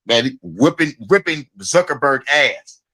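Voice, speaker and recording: A man co-hosting a casual livestream chat, animated and swearing freely. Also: mid-range voice, unhurried. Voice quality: profane, animated.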